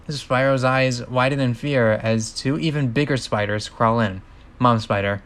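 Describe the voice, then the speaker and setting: A man's voice: medium pitch, moderate pace, a bit bright. A man reading a film script aloud and breaking off for rambling, incredulous asides.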